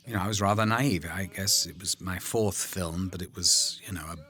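An older man recalling making a film in a relaxed, rambling commentary, full of ums and drifting into whispers. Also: low voice, normal speed. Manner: rambling, warm anecdotes, frequent ums, drops to whispers.

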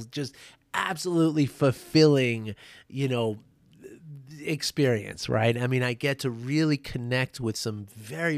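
Casting: man, 30s-40s, chatty meditation teacher, middle pitch, dry room. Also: no echo. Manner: chatty, many "right?" tags and self-restarts. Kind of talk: casual motivational talk.

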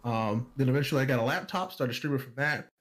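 A man casually telling a personal story on a podcast, animated, acting out other people's lines and laughing often. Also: medium pitch, quick pace.

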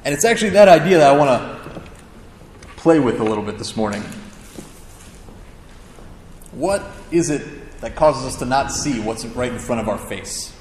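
A male pastor delivering a sermon in a relaxed, conversational way, slipping in self-deprecating jokes. His mid-range voice carries a long reverb and rings around a roomy hall, with a faint hum of ambience behind him. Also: medium pitch, normal speed, pauses often. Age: adult with a child.

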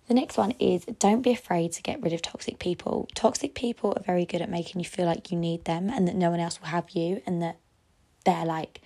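A woman's voice: fairly low pitch, vocal fry, dark tone. A young woman hosting a solo advice podcast, chatty and frankly encouraging. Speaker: podcast host.

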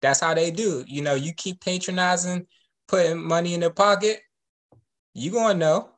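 A man's voice: sits high, steady tone, moderate pace, a bit bright. A man, laid-back and joking in casual chat.

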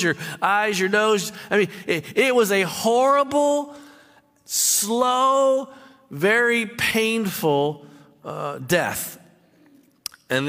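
A man's voice: high-pitched, fairly bright tone. A man preaching a sermon, emphatic, repeating and stumbling over words as he stresses his points. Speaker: pastor. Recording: long hall reverb.

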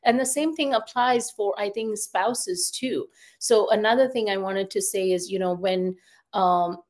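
A woman's voice: medium pitch, darkish tone. A woman in her thirties, a therapist and coach, talking casually as a podcast guest with lots of fillers and restarts. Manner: chatty, many fillers and restarts. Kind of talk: casual conversational interview.

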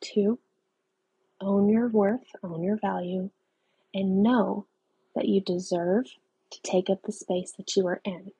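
Gravelly encouraging woman podcaster. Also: mid-range voice, steady tone, slow pace, pauses often, warm tone, dry recording. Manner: encouraging, earnest, self-deprecating. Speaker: podcast host. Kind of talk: solo podcast talk.

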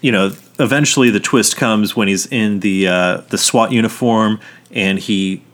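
A man's voice: fairly low pitch, normal speed. A man co-hosting a casual podcast, telling movie stories with energy, swearing freely and acting out quotes. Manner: animated storytelling, swears freely, acts out quotes. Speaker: podcast co-host.

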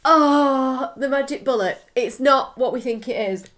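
A woman's voice: sits high, a little slow, a bit bright. A middle-aged woman co-hosting a podcast, telling a story with animation and laughing often. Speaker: podcast co-host. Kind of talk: casual chat.

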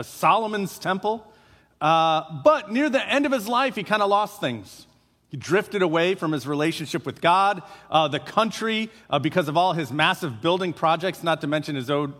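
A man's voice: on the high side, a bit bright. A man preaching a sermon as pastor, speaking conversationally with frequent filler "uh"s. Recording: long hall reverb.

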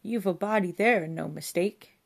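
A woman's voice: mid-range voice, normal speed, gravelly, voice pushed up. A woman doing a stern, weary police inspector. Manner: stern, authoritative.

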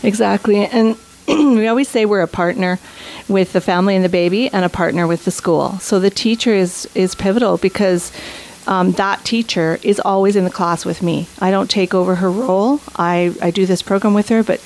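A woman's voice: mid-range voice, normal speed, a little mellow, rough recording. A woman instructor for a children's empathy program, answering interview questions with enthusiasm and often tagging her points with "right?". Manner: enthusiastic, frequent "right?" tags. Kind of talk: interview guest.

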